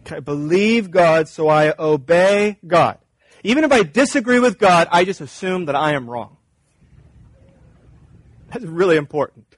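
A man's voice: a little high, expressive, unhurried, long pauses, dry recording. A man preaching a sermon in a conversational, emphatic way, acting out little dialogues. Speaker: pastor.

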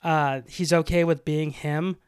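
Animated man telling stories, smooth voice. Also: fairly high pitch, unhurried, no room sound, studio quality. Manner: animated storyteller, acts out quotes. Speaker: podcast co-host. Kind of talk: casual chat.

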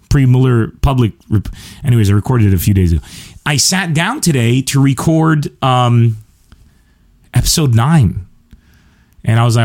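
Hosting his comedy podcast, a man with a medium-pitched, darkish voice speaks directly to his audience. The monologue is casual and chatty, full of rambling and self-mockery.

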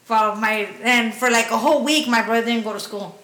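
A woman's voice: fairly high pitch, fairly quick, very noisy. A woman casually telling a story in a profane, laughing way, slipping in Spanish phrases. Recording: roomy echo.

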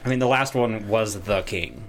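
A man's voice: fairly low pitch, moderate pace, a little hiss or hum. A man in casual podcast chat who talks bluntly and swears freely. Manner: blunt and profane. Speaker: podcast co-host.

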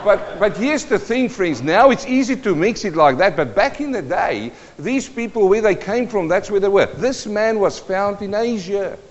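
A man preaching with a fairly high, lively voice, firing questions at his listeners and answering them himself. His voice rings out with a long reverb, and the recording sounds muffled and dull. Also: normal speed, few pauses. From New Zealand. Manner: animated, emphatic, asks the audience questions. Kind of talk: sermon.

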